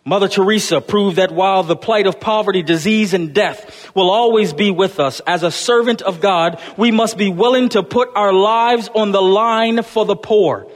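A pastor with a high voice preaches an Easter sermon in a church sanctuary at normal speed with few pauses, calling his congregation "church" and building rhythmic, repeated refrains. The recording carries a long hall reverb.

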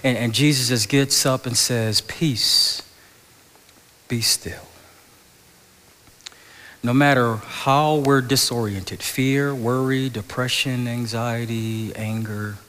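Pastor preaching softly in a reverberant hall. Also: male voice, mid-range voice, steady tone, unhurried, hardly any pauses. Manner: conversational, repeats words, drops to a whisper on key phrases. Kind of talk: sermon.

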